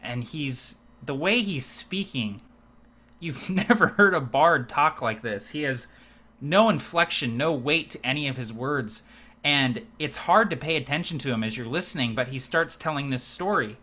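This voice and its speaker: A male game master narrates the scene in a loose, easygoing way, dropping many filler words as he goes. His voice is bright and forward. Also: medium pitch, moderate pace. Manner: relaxed, filler-heavy narration.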